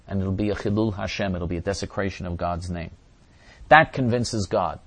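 Male religious teacher, low register, fervent delivery, dramatic quoting. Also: normal speed, slightly rough. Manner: intense, repeats phrases, quotes voices dramatically. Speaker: religious teacher answering viewers.

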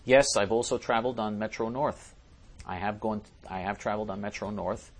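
A man's voice: lowish voice, steady tone, a little fast. A man hosting a talk show, reading listener messages aloud and answering them in an emphatic way, often repeating and restarting his phrases. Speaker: host.

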